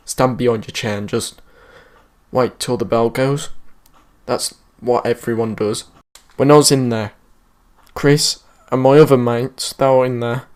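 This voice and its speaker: A British man recounts a school story straight to camera in a loose, casual way. His talk is full of slang and swearing, and his voice sits at an ordinary middle pitch. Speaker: vlogger.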